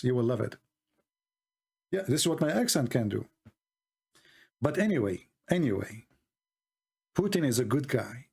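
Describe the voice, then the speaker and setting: Gravelly, husky, and a little mellow, this medium-pitched male voice belongs to a Middle Eastern online commentator speaking with an Arabic accent. He wanders through a mocking, ironic monologue full of digressions.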